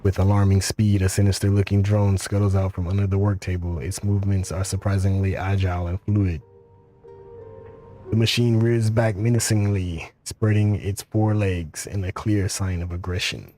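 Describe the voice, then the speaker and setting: A man streaming a game, reading its text aloud in a steady, even way. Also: deep voice, moderate pace, soft background music.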